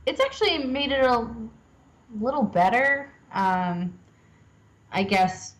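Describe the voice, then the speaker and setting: Young woman guest, chatty and self-deprecating, quick to laugh. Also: on the high side, lively intonation, rough recording. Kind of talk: casual interview chat.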